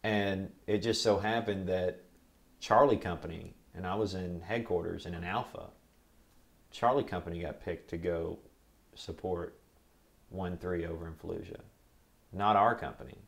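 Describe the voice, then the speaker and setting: A young man, a Marine veteran, telling his service stories in an oral history interview in a relaxed, rambling way. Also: sits low, moderate pace, creaky.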